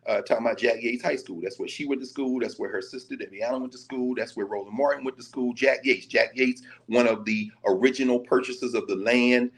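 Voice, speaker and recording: A man from Nashville, a professor talking in lively conversational commentary, telling stories with quoted dialogue and casual vernacular. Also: medium pitch, quick pace, few pauses. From Nashville, Tennessee. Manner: animated storytelling, slipping into quoted dialogue and casual Black vernacular.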